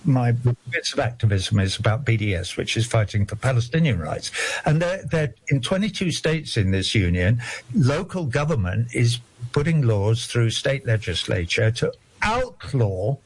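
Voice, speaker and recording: A man's voice: mid-range voice, expressive, moderate pace, husky. An older man, talking in a rambling, digressive, indignant way during a casual discussion.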